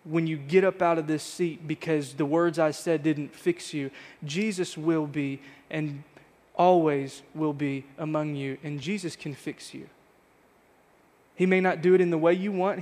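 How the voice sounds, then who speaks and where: Earnest pastor preaching in a reverberant church. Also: male voice, on the high side, darkish tone. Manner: earnest, reflective, repeating rhetorical questions. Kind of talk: sermon. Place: church sanctuary.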